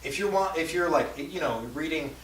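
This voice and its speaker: A fairly high-pitched man, slightly bright in tone and speaking at normal speed, runs a language class as a chatty lecture with frequent fillers and questions to students. Sound: distant, echoey classroom with faint background hiss.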